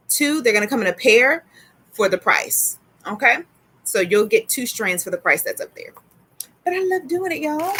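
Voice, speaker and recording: A woman hosting a casual tarot livestream, chatty and excitable, greeting viewers by name as she goes. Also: a little high. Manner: sprinkles in laughs and exclamations. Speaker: tarot reader and livestream host.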